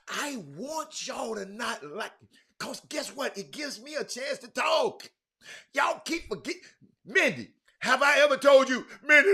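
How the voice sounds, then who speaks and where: Loud, lively Houston sports host. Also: male voice, very high voice. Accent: Southern US, Houston. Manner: loud, excitable, repeats himself, calls out viewers by name. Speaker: sports talk show host. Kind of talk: animated live-stream sports talk, reading viewer comments.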